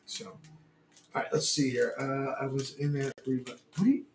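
A man hosting a casual livestream, loud and excitable, laughing often with his co-hosts. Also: mid-range voice, normal speed, slight background noise. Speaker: livestream host. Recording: echoey room, mic at a distance.

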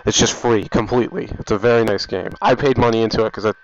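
Speaking quickly in a fairly low voice with fairly even intonation, a man reads out viewer comments during a gaming vlog. He's falling ill, talks through a headset mic with dull lo-fi audio, and his chat is rambling and offhand with frequent restarts.

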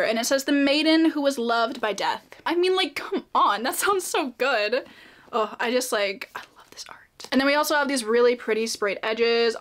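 A woman's voice: fairly high pitch, a bit bright. A young woman chatting casually in a book vlog, bubbly and giggly, with lots of fillers. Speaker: book vlogger.

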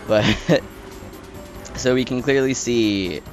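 A young man giving excited, swearing live commentary while playing a racing game, groaning and shouting at rivals. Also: medium pitch, very slow, soft background music. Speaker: let's play gamer.

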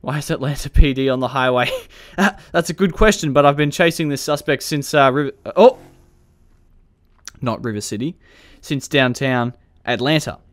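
A man creates gaming videos, chatting his way through a police roleplay with frequent jokes and laughter and barked commands at suspects. His voice is medium-pitched and moderately paced.

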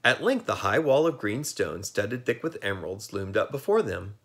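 A man reading a children's storybook aloud in a lively, expressive way. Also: lowish voice, moderate pace. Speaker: narrator.

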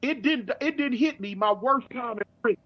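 A middle-aged man from California telling his story in casual street slang, with halting restarts, over a dull remote call. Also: extremely high pitch. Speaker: guest.

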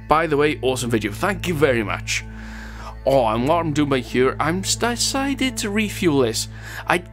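A man's voice: mid-range voice, a bit bright. A man hosting a gaming channel, chatting through his gameplay and reading out viewer comments, rambling a little and chuckling at his own jokes.

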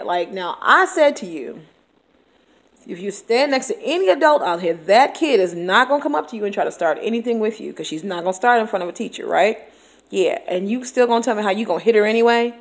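A woman's voice: medium pitch, expressive, brisk. A woman teacher venting in a candid vlog, exasperated and blunt, laughing often and cursing.

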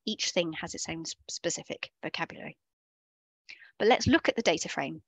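A woman's voice: sits low, brisk, gravelly, a bit bright, breathy edge, no echo. A woman leading a live online coding workshop over a video call, explaining things in a chatty way and often correcting herself as she goes. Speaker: workshop instructor.

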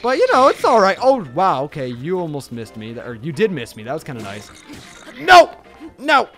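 A young man from Illinois chatting casually as he streams a game live on a boom-arm mic, excitable and shouting during fights. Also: fast, faint music behind. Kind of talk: casual live gameplay commentary.

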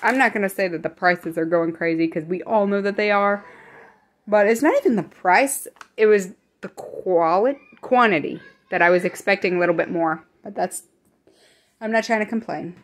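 A woman's voice: mid-range voice, normal speed. A young woman in a casual home vlog, chatting in a rambling way and often correcting herself. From American Midwest. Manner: whispering. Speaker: vlogger. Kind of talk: casual grocery haul chat.

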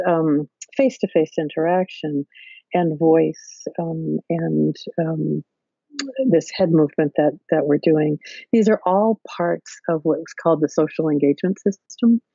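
A woman's voice: sits low, creaky, mellow, husky, no echo, highs cut off. A woman guest on a podcast, talking over a video call, explaining ideas in careful steps with many fillers. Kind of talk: explanatory interview talk.

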